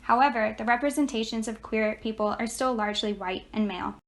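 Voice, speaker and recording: A young woman student giving a read class presentation at a steady, note-reading pace. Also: fairly high pitch, fairly quick.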